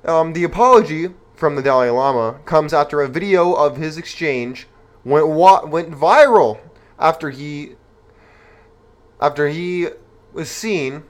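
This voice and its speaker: A man's voice: on the high side, animated, unhurried. A young man hosting an opinion commentary show, reading news aloud and reacting with rhetorical, indignant outrage.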